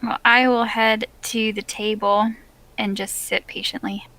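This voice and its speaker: A woman player in a tabletop game, stating her moves calmly and briefly. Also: a little high, a little slow, poor audio.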